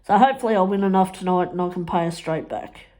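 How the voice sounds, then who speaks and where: A middle-aged woman chatting casually about her crafts, telling stories and acting out what others said in higher voices, laughing often. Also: fast talker, a little mellow. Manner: chatty storytelling, acts out quotes in high voices, laughs often. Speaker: crafting vlogger. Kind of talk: casual chat while crafting.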